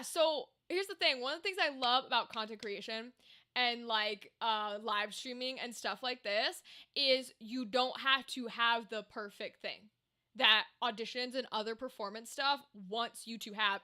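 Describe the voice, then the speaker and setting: A young woman chats on a home live stream in a high, bright voice. She rambles, trails off and answers chat as it comes in. Her mic sits on a cluttered table in her room. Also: moderate pace. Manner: chatty, rambling, reacts to chat. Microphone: desk microphone.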